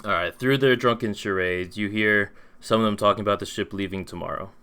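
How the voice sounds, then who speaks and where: A man with a deep voice runs a tabletop game and describes the scene at an easy pace. His narration is relaxed and descriptive. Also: a little fast, smooth. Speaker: game master.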